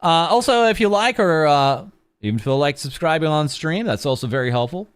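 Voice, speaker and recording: Chatting as a VTuber on a charity livestream, a young man rambles with self-mocking humor and frequent ums and uhs. He speaks fairly quickly, animated and smooth, his voice a little high, with no echo.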